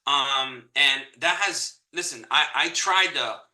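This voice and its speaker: A man teaching a live real estate training, energetic and repeating key points for emphasis. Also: medium pitch, takes it slowly, reverberant, rough recording. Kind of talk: live online training talk.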